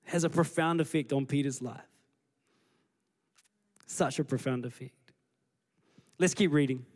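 A man preaching a sermon as pastor, retelling scripture with lively acted-out dialogue. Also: medium pitch, measured pace. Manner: animated storytelling, acting out scripture scenes.

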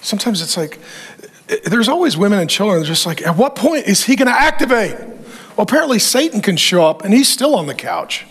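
A middle-aged male pastor preaching with a high, ringing voice. He drives his points home with punchy repeated phrases and slips in dry humor. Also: big pitch swings, a little fast, a bit bright, breathy edge. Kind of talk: sermon.

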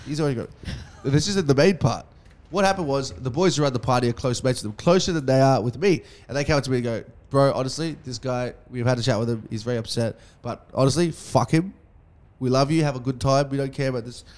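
A young man hosting a casual podcast, telling a story fast, swearing freely, and acting out each person's lines. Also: mid-range voice, darkish tone. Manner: fast, swearing, acts out dialogue.

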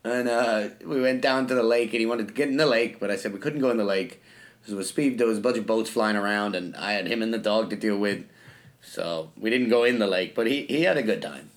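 A man's voice: on the low side, brisk. A man co-hosting a podcast, telling casual stories and swearing freely. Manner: laid-back storyteller, swears freely. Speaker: podcast co-host. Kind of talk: casual chat.

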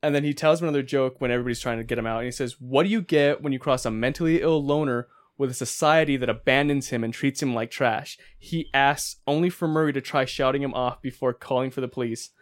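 Excitable man retelling movie scenes. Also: medium pitch. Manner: retells scenes acting out quotes in quick bursts. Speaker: podcast co-host. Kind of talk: casual movie review chat.

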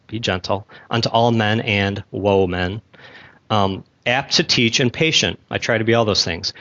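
A man's voice: medium pitch, a bit bright, lo-fi sound. Chatty man teaching a church class. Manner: conversational, chatty asides, asks the class questions; talks with gum in his mouth. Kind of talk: casual Bible teaching to a class.

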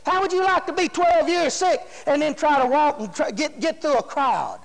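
A man preaching a sermon in a very high voice, folksy and emphatic. He keeps putting questions to the congregation. His voice rings with the long reverb of a church hall. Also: expressive, moderate pace, vocal fry.

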